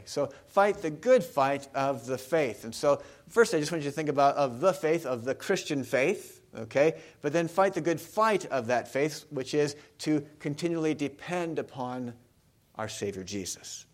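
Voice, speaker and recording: Man preaching with lively questions. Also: fairly high pitch, normal speed. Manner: conversational preaching, asks the congregation questions. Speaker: pastor. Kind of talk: sermon.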